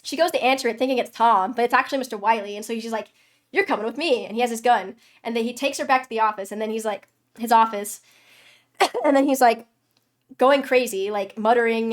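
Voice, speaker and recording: A woman's voice: on the high side, fast talker. Woman streamer reading a story game aloud. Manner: dramatic reading with loud swearing outbursts.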